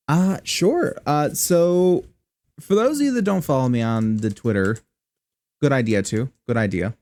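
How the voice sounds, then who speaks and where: A man's voice: mid-range voice, lively intonation, a little slow, darkish tone. A man chatting wryly through casual live gameplay commentary, swearing when annoyed, on a close desk mic run through a voice changer app. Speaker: streamer.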